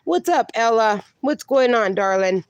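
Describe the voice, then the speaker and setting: A woman's voice: a little high, animated, no room sound. A middle-aged woman hosting a casual livestream outdoors in her backyard, talking affectionately and reading viewers' comments aloud on a phone. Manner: slow, affectionate, reads chat comments aloud. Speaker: livestream host.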